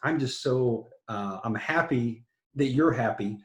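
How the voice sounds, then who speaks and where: Man, enthusiastic interviewer, rambling restarts, mid pitch, echoey room. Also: measured pace. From Texas. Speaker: interviewer, publisher. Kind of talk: conversational interview.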